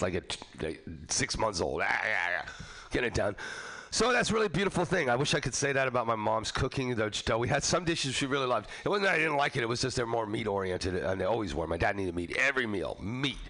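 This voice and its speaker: Man, radio host, crude joking banter, fast talker, bright gravelly voice, lively pitch. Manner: rambling, jokey, puts on silly voices in quotes.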